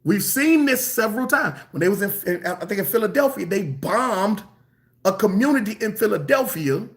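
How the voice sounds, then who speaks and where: A man preaching a sermon in an emphatic, colloquial way, repeating phrases for stress and drawing some words out slowly. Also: sits high, animated.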